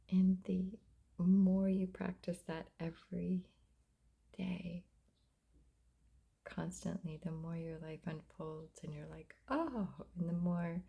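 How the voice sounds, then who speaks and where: A middle-aged mother talking about faith and self-love in a casual vlog, often dropping into soft whispers. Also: on the low side, creaky, breathy edge. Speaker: mother sharing reflections. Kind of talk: casual heartfelt vlog talk.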